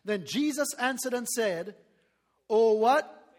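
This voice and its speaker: Male pastor, very high voice, lively sermon delivery, call-and-response. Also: slow pace, big-room sound. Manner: animated preaching with laughter and call-and-response.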